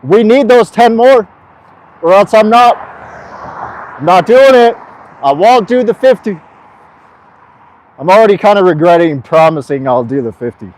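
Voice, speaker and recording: A man's voice: high voice, lively intonation, moderate pace, long pauses, darkish tone, poor audio. A young man live-streaming as he walks outdoors along a busy road, talking to his chat in a hyper, swearing, joking way. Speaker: vlogger streaming a long walk. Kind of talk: casual live-stream chat while walking. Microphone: streaming mic carried while walking. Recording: faint street traffic noise. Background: traffic noise.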